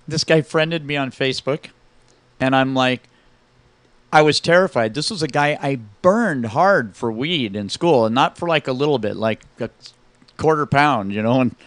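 A man's voice: mid-range voice, a bit bright, clear, resonant tone, no room sound. Storytelling middle-aged man, dry sound. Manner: storytelling, acts out both sides of conversations. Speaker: radio show host. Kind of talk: casual recovery talk show chat.

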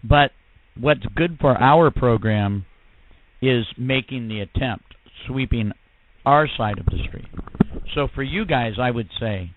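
A man's voice: mid-range voice, a little slow, a little hiss or hum. Wry male host, tinny sound. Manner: wry, self-deprecating. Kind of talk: casual chat.

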